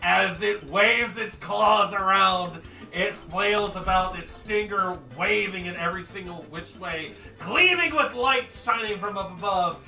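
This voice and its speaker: Casual male game master, slightly high voice, distant mic with music behind. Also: unhurried, vocal fry, sharp tone, roomy sound. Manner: casual, laid-back, swears freely. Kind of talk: narrating a tabletop game.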